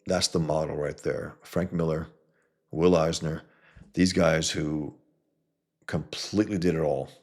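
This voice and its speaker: A man's voice: fairly even intonation, measured pace, pauses often. A man hosting his own video, talking casually and bluntly to viewers about comics, with many fillers and restarts. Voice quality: gravelly, husky low voice. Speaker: comic book creator and video host. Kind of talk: casual rambling talk to viewers.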